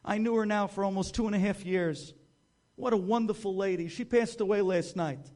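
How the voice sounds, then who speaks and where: Man playing elderly mother, gentle, calm, fairly high. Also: moderate pace, close to an everyday voice. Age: older. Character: elderly mother in a nursing home.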